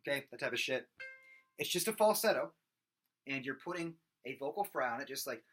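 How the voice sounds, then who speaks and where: A man's voice: mid-range voice, animated, fairly quick, soft background music. A man giving a casual singing lesson, explaining in a loose, rambling way with plenty of fillers and restarts. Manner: loose, rambling explanations broken by loud belted and screamed sung examples. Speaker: vocal coach.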